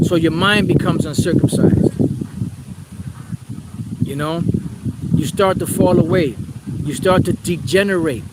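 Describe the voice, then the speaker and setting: A man's voice: high voice, measured pace, pauses often, very noisy. A man teaching from the Bible in a preaching style, reading verses aloud and then explaining them with rhetorical questions and repeated phrases.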